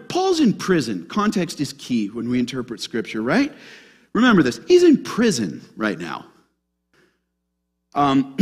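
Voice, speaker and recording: A male pastor preaches in a church with a high, bright voice. His pitch leaps up and drops low all through, and he keeps putting questions to the congregation. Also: breathy edge. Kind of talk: sermon.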